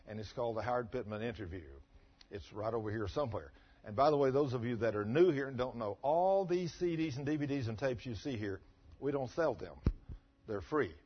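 Man, pastor preaching in church, folksy and emphatic, husky voice, dull lo-fi recording. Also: medium pitch. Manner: folksy, emphatic preaching with swings from loud to quiet. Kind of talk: sermon.

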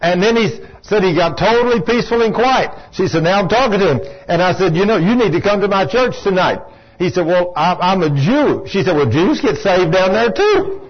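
Male preacher, high voice, folksy storytelling sermon, dull lo-fi recording. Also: animated, fairly quick. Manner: folksy, rising to fervent shouts when quoting.

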